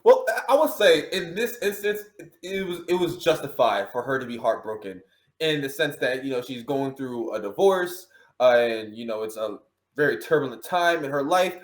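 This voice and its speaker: A man's voice: mid-range voice, lively intonation, normal speed. Playful male host, roomy echo. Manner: playful, self-mocking. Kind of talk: casual chat about music picks.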